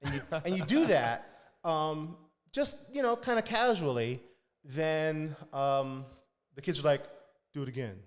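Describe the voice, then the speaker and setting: A man who directs a church kids ministry tells stories in casual podcast chat, acting out children's voices. His voice is a little high and unhurried, recorded on a podcast studio mic.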